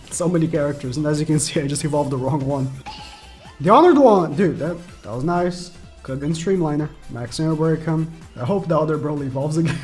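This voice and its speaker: A man's voice: on the high side, darkish tone. A man giving casual gameplay commentary as a gaming YouTuber, chatty and rambling, laughing often and ranting.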